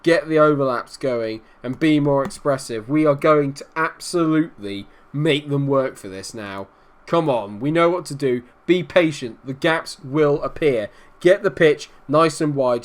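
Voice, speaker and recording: A young man provides commentary on his own football management game for his gaming content. He sounds easygoing but fed up, muttering low and then bursting into shouts when his team gets a goal.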